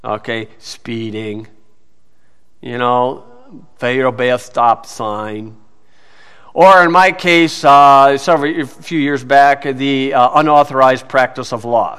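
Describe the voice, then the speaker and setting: A man giving a folksy teaching sermon who tells stories, keeps saying "you see" and drops to a low mutter during anecdotes. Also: a little slow, a bit bright, smooth. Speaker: preacher teaching on scripture and law. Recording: hall with long reverb.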